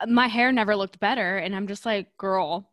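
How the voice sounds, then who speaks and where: A woman's voice: medium pitch, fairly even intonation, brisk, no echo, clean studio sound. Young woman hosting a casual chat. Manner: warm-hearted, laughs and reacts with exclamations. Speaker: host, interviewer.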